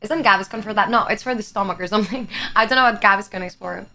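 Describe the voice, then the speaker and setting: A woman's voice: mid-range voice, quick pace, sharp tone. A young woman from Greece whose first language is Greek, chatting with her live chat on a stream. She is chatty, laughs often and swears casually. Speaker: livestreamer. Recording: faint music behind the voice.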